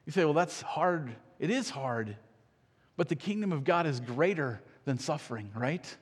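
A man's voice: on the high side, lively intonation, normal speed, slightly rough, big-room sound. A man preaching a sermon as pastor, conversational and earnest, often checking in with "right?" and restarting his phrases.

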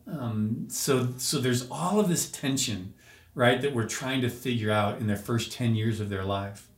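A man's voice: mid-range voice, unhurried. Man getting emotional telling his story on a podcast, mid voice, echoey room. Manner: earnest, emotional storytelling with restarts. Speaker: podcast guest. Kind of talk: personal testimony in an interview. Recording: roomy echo.

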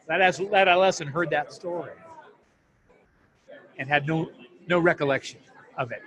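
A man's voice: a little high, normal speed, long pauses, a crowd in the background. A man who counsels families dealing with addiction, telling a heartfelt story in an interview in an earnest way. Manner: earnest, heartfelt, moved to emotion.

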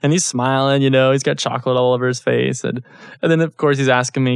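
A man in his thirties talks through a faith lesson in a relaxed, conversational way. He tells stories and keeps checking that listeners are following. His voice sits at an everyday middle pitch, recorded dry and close. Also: quick pace, creaky, smooth, no echo. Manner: conversational, storytelling, frequent check-ins with listeners. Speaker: Bible teacher. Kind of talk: casual teaching talk.

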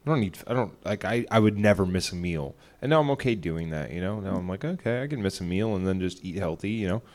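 Young guy ranting on a podcast, kinda low voice, curses a lot, rambles. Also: expressive, fast talker, a little mellow. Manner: rambling, profane, retells arguments with quoted voices. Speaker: podcast co-host. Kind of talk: casual chat.

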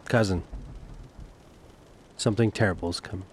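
A man voicing a grim young noble who is burdened and brooding, speaking low and measured in a tabletop game. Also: fairly even intonation, a little hiss or hum, lightly acted. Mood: grave.

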